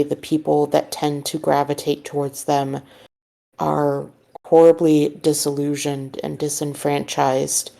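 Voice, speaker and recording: An earnest, measured man speaks calmly and carefully in a low, gravelly voice, as a woman puts him on. He lays out his reasons patiently, each point weighed before he moves on. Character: earnest, measured man courting disillusioned people.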